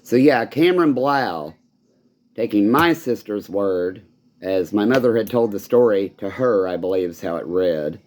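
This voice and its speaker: A man's voice: lowish voice, expressive, unhurried, darkish tone. A man giving an angry, rambling personal monologue, swearing often and sounding bitter. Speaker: vlogger.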